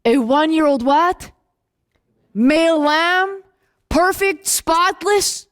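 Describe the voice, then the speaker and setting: A woman playing the apostle John as a young male disciple, telling his story in an animated first-person monologue straight to the audience. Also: very high-pitched, takes it slowly, exaggerated voice. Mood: excited.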